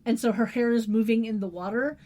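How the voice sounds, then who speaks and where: High-voiced woman chatting sarcastically. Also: steady tone, fairly quick, dark tone. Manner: conversational, voices opinions with sarcastic asides. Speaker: podcast co-host. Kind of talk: casual recap chat.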